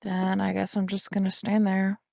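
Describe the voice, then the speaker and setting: A woman's voice: mid-range voice, completely flat delivery, normal speed, vocal fry, a little mellow, no room sound, clean studio sound. A woman playing a tabletop game, insistently arguing rulings with the game master. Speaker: player. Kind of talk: casual tabletop game chat.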